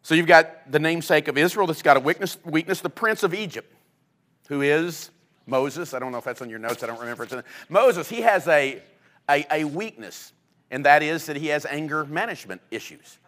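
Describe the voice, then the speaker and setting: A man delivers a sermon, his voice sitting a little higher than most men's. He tells the stories with energy and acts out the voices of the people in them. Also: fairly quick. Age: adult with children. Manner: animated storytelling, acting out quoted voices. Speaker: pastor.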